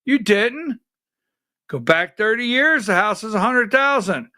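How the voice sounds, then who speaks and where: A man with a notably high voice hosts a live political commentary show. He talks in a loose, conversational way and keeps throwing rhetorical questions at his audience. The sound is dry and close, with no room echo. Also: expressive, moderate pace, sharp tone. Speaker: political talk show host.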